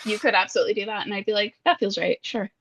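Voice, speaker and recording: A woman's voice: medium pitch, racing. A woman co-hosting a podcast, telling stories casually and expressively, often laughing. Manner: animated, expressive storyteller, laughs a lot. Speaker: podcast co-host. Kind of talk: casual chat. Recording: slightly dull audio.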